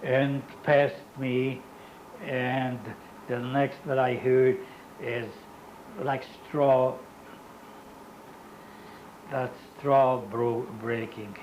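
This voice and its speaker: Older man, survivor testimony interview, very slow, halting, frequent restarts, non-native English phrasing. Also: medium pitch, little pitch movement, a little mellow, a little hiss or hum, poor audio. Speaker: Holocaust survivor giving testimony. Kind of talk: recorded oral history interview.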